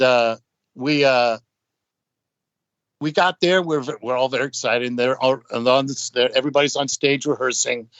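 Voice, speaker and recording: A man's voice: mid-range voice, fairly bright tone, dry recording. Older man telling rambling stories. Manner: rambling, acts out quotes of others. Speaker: guest musician. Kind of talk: casual anecdotal storytelling. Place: podcast studio. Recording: dull, dry studio audio.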